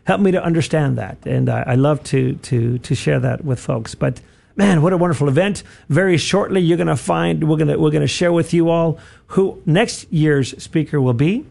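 A man's voice: a little high, moderate pace, creaky, darkish tone. A man hosting a radio talk show, leading a prayer and chatting in a rambling, self-correcting way with easy chuckles.

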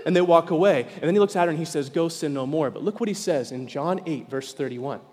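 A male pastor preaching a sermon in a church, animated and acting out the voices of the people in his stories. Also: on the high side, fast talker, husky. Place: church sanctuary. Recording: hall reverb.

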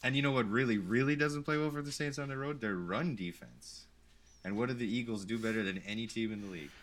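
A man's voice: medium pitch, quick pace, fairly bright tone. A man appearing as a guest on a casual comedy podcast, offering wry criticism and football picks. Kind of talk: casual comedic sports chat.

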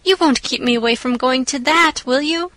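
A woman voicing an imaginative, dramatic young orphan girl who talks in breathless, earnest rushes. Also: sits high, sharp tone, dry recording, rough recording. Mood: pleading. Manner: breathless, pleading then earnest.

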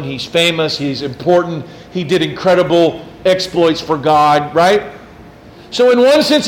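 A man preaching a sermon in an animated way, acting out quotes and tossing in rhetorical asides. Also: high voice. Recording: roomy hall, faint room noise.

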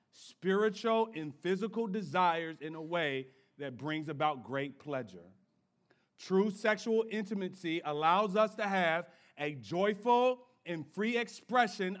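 Male preacher, high and bright, playful, bantering with the crowd. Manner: playful, call-and-response preaching with slang asides. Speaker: pastor. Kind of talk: sermon.

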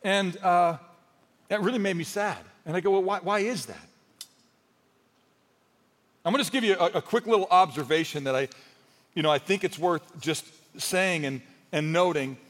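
A man's voice: sits high, a little fast, fairly bright tone. A male pastor preaching a sermon in a conversational, storytelling way, with humor and rising emphasis. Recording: long hall reverb.

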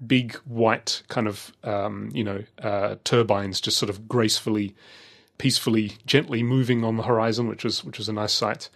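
A man's voice: lowish voice, steady tone, normal speed, gravelly. A middle-aged man telling a travel story in casual chat, rambling with many fillers and restarts.

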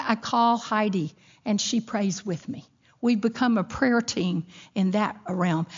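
A middle-aged woman giving a sermon with a personal story, telling it expressively and acting out the voices in her quotes. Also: on the high side. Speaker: women's Bible teacher. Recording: dull lo-fi recording.

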